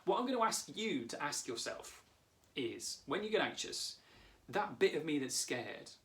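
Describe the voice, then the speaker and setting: A man in his thirties, a therapist and coach, calmly explaining a coaching lesson straight to the viewer. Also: on the high side, normal speed, vocal fry. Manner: calm, warm explaining, talks directly to the viewer.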